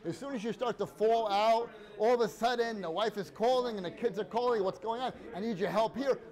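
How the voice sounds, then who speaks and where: High-voiced man teaching a casual Torah class. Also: brisk, darkish tone. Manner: conversational, storytelling with Hebrew and Yiddish-inflected terms, acts out quotes.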